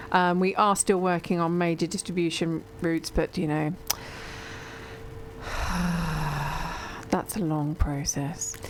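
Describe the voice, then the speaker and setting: A woman's voice: fairly low pitch, slight background noise. A woman hosting a radio book show, chatting and plugging books with enthusiasm. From Britain. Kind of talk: casual radio interview chat.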